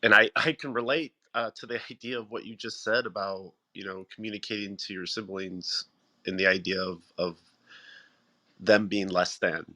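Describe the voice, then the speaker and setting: A man with a very deep, flat voice and a forceful edge shares his thoughts in a casual online chat. He talks haltingly, restarting and repeating words as he reflects. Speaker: participant in an online discussion.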